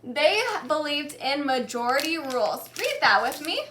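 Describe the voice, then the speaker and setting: A woman teacher giving a classroom lesson, speaking slowly and clearly and repeating key words for the class to echo back. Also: high voice, lively intonation, pushed and bright, a little hiss or hum. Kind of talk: classroom lesson with call-and-response reading.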